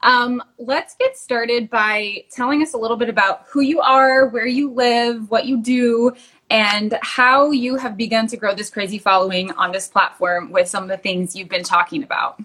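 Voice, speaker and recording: A woman's voice: fairly high pitch, fairly even intonation, moderate pace, bright, forceful tone, husky. A woman in her thirties hosting a podcast interview over a video call, upbeat and friendly. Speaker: podcast host. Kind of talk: casual interview chat.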